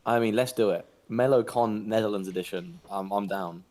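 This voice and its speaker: Over a voice call, a man chats casually and jokingly with friends while reading out viewers' messages. His voice is lowish and a little mellow, at a moderate pace, and the background is noisy.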